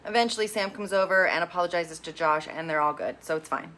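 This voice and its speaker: A woman casually recapping a reality show, with sassy opinionated asides and quick quoted impressions. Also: fairly low pitch, fairly bright tone.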